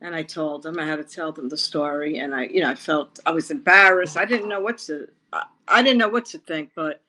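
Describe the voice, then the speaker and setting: A woman from Long Island, New York, recounting her past in an interview, with a halting, rambling, emotional way of telling it. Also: deep voice, sharp tone, a little hiss or hum, low-quality recording. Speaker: interview guest. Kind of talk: personal storytelling interview.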